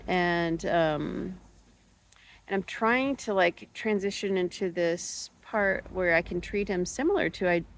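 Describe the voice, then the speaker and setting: Soft-spoken woman with gravelly fry. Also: on the low side, slow pace, poor audio. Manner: thoughtful, hesitant, many fillers and restarts. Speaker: spiritual podcast host. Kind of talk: reflective personal monologue.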